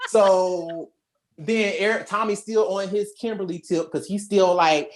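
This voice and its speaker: A podcast co-host recapping a movie in a lively, slangy, storytelling way. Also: medium pitch, a little slow. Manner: animated, slangy storytelling with acted-out quotes. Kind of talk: casual movie review chat.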